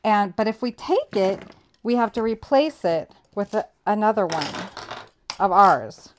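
A woman's voice: medium pitch, animated, measured pace. A woman hosting a casual home game night, playful and teasing, laughing as she plays dice at a table indoors. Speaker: savings channel host.

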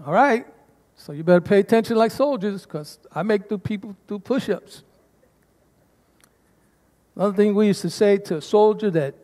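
High-voiced pastor preaching in a reverberant church. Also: male voice, a little mellow. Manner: preaching to a congregation, calls for responses. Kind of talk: sermon. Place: church sanctuary.

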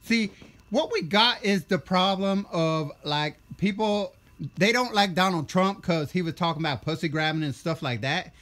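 A man voicing an exaggerated, crude redneck guy with a loud, mocking, drawling delivery. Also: high-pitched, moderate pace.

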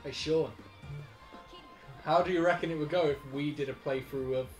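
A man's voice: a little high, steady tone, normal speed. A man co-hosting a casual game let's play, swearing often while hiccuping. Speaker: co-host. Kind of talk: casual gameplay commentary. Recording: echoey room with loud game music. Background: video game music.

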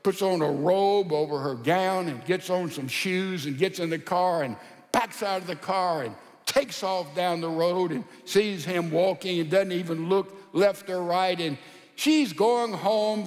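High-voiced preacher in an echoey hall. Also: male voice, unhurried. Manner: folksy, animated storytelling with rhetorical asides. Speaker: pastor. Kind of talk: sermon.

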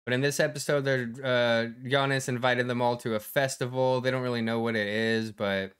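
Smooth-voiced man co-hosting a chat podcast. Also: mid-range voice, little pitch movement, brisk, a bit bright. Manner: loose, joking, swears freely. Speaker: podcast co-host. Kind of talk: casual reality-TV reaction chat.

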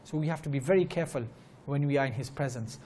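With a medium pitch and a slightly mellow quality, the man speaks at a quick pace. He is an Islamic teacher lecturing at a religious gathering, where he tells earnest stories, repeats key phrases, and fluently recites Arabic verses. Slight background noise can be heard.

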